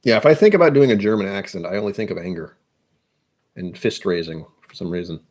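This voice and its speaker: A man's voice: low voice, quick pace, darkish tone. A young American man hosting a whiskey channel, rambling casually and poking fun at himself. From United States. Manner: self-deprecating, musing aloud.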